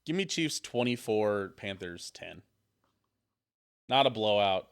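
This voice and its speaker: A man's voice: on the low side, expressive, slow pace, clean tone. Joking man co-hosting a sports podcast. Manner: loose, joking, swears freely. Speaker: podcast co-host. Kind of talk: casual sports chat.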